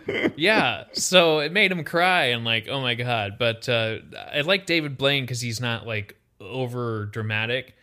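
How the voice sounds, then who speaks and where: A young man co-hosts a laid-back podcast, his medium-pitched voice moving a little slowly with almost no pauses. He tells stories with real animation and acts out what people said.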